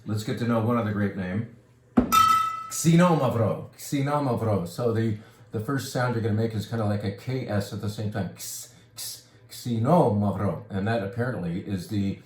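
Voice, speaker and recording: A man's voice: on the low side, darkish tone. Chatty wine-shop man, echoey room. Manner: enthusiastic, rambling, jokey asides. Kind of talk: casual product talk and wine tutorial.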